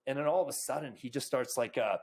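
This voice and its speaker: A man's voice: mid-range voice, quick pace, gravelly, breathy edge. A man hosting a podcast, telling a long anecdote in casual chat, full of fillers and quoted lines. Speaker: podcast host.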